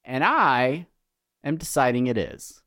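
A man's voice: medium pitch, very animated, slow, bright, forceful tone, no room sound, studio quality. A man co-hosting a podcast, chatting casually and joking about himself. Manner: rambling, jokey, self-deprecating. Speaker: podcast co-host.

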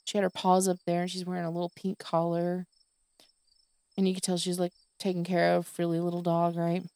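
A worn-out woman vents on her podcast, swearing as she rants in exasperation. Her voice is mellow and warm, and the recording is dry and close, with crickets and insects chirping faintly behind her. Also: fairly low pitch, completely flat delivery, a little fast, no room sound. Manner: exasperated, swearing, tired ranting. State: exhausted. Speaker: podcast host. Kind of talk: venting monologue.

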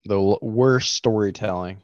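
Man, lowish voice, dull muffled mic, dry, sarcastic joker, podcast co-host. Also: measured pace, no echo. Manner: wisecracking, sarcastic. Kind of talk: casual chat.

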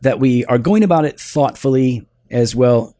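A man of middle pitch talking through ideas on a podcast, laying out his points one by one and tossing in "right?" to keep his partner along. The sound is close and dry, with little room around it. A dry, teasing humor slips into his explanations. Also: moderate pace, mellow, dry recording. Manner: teaching, explains step by step with frequent "right?". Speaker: podcast co-host. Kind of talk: casual theological discussion.

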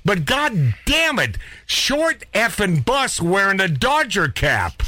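A man's voice: high voice, huge pitch swings, slow pace, bright, forceful tone. A man hosting a podcast aftershow, talking in a heated casual chat with frequent stammered restarts. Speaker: podcast host.

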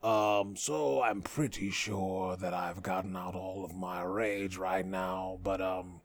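A man's voice: sits low, fairly even intonation, slow pace, slight background noise. A man hosting a comedic podcast in a joking, profane tone, boasting in a mock-villain persona. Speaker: podcast host.

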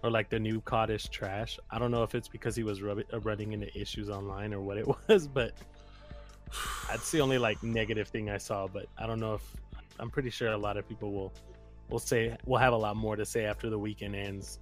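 A man's voice: lowish voice, steady tone, a little fast, faint music behind. A man co-hosting a casual podcast, joking, swearing and laughing often. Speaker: podcast co-host.

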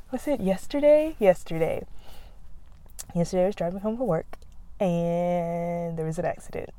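Young woman, slightly low voice, casual rambling chat, laughs a lot, outdoors. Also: dark tone, no echo. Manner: rambling, laughs often, loses her words. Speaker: podcast host. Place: outdoors, near a road.

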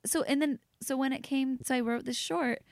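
Woman guest, casual podcast chat, gravelly edge, dry close sound. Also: moderate pace, dry recording. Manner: animated, chatty, swoops up in pitch.

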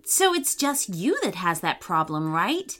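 A woman's voice: fairly low pitch, big pitch swings, unhurried, fairly bright tone, soft background music, full character voice. A woman voicing a tall, kind young schoolboy who speaks honestly. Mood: earnest. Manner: earnest and honest.

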